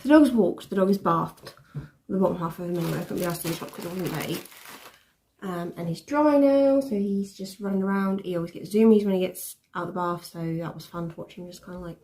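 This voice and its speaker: A woman's voice: fairly low pitch, brisk, dark tone. A young woman chatting casually to her phone while walking her dog through a muddy forest, a little out of breath and laughing often. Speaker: vlogger.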